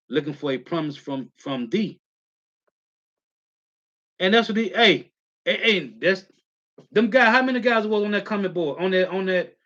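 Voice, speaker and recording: A man's voice: on the high side, fairly bright tone. A man with a somewhat raised voice preaches in an emphatic, slangy way. He lingers over scripture lines and keeps tossing in "man" between thoughts. The audio is muffled and lo-fi. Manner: emphatic, slangy, calls listeners "man", reads scripture slowly. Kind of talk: street-style scripture teaching, reading verses.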